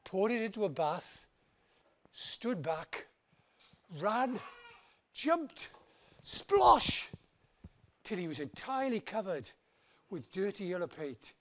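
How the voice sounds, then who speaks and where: A man preaching, telling a children's story in an animated, lively way. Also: high-pitched, takes it slowly, long pauses, slight background noise. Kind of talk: children's story in a church service.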